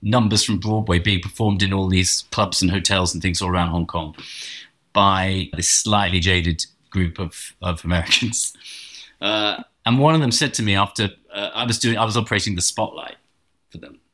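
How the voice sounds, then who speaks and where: A man's voice: sits low, steady tone, moderate pace, fairly bright tone. A middle-aged man from England with a posh English accent, telling long, wry anecdotes in a casual chat, full of restarts. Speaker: guest.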